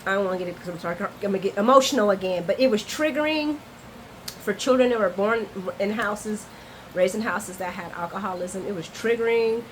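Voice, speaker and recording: A woman hosts a casual soap opera recap to camera, chatty, animated and playful, tossing in asides and calling her viewers "y'all". Her mid-range voice is fairly quick, with a little hiss or hum in the recording.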